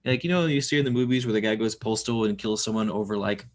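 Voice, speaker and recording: A man's voice: on the low side, fairly even intonation, quick pace. A young man reading a book aloud on a live stream, drifting into rambling, swearing asides and chatting with viewers.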